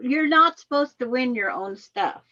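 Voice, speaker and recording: Bright, dull-toned woman on a video call. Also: sits high, expressive, normal speed. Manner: blunt, playful quips. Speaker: guest quilting teacher. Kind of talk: casual chat.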